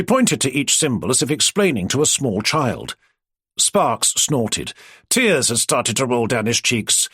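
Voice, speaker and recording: A man narrating an audiobook in an expressive storytelling way. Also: medium pitch, measured pace, husky, dry recording, studio quality.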